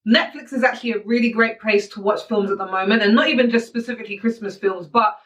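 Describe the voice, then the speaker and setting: A woman's voice: fairly high pitch, fast, fairly bright tone, recorded from a distance. British woman speaking a little off-mic. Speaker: podcast co-host. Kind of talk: casual chat.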